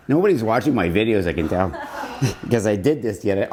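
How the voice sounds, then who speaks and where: A man leading viewers through slow push-ups while counting aloud, then reflecting on slowing down, a little out of breath. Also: big pitch swings. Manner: reflective, drops low and soft to make points. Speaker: company founder giving a motivational talk. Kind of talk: casual motivational vlog talk.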